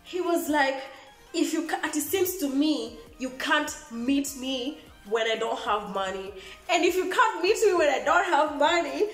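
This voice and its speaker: A young Kenyan woman with a Kenyan accent telling an exasperated, animated storytime vlog, switching between languages. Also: high voice, unhurried, roomy sound, faint music behind. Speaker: vlogger.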